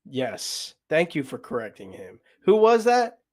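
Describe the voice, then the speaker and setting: A man's voice: fairly high pitch, huge pitch swings, unhurried. A man co-hosting a comedy show, reacting to jokes with playful teasing remarks. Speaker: comedy podcast co-host. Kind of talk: casual chat.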